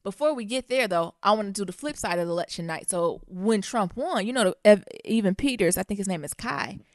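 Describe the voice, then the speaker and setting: A woman co-hosting a podcast, talking loosely and excitedly, swearing freely as she recaps. Her voice sits at an ordinary middle pitch. The sound is dry and close, with no room echo. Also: brisk. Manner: animated, profane storytelling with acted-out quotes. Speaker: podcast co-host. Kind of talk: casual chat.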